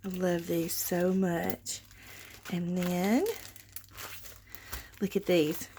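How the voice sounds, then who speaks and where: A woman hosting a craft vlog, gushing excitedly over items and talking straight to her viewers in a casual show-and-tell style. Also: mid-range voice, slight background noise. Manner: gushing, excitable, frequent gasps and exclamations; addresses viewers as y'all. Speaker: craft channel host.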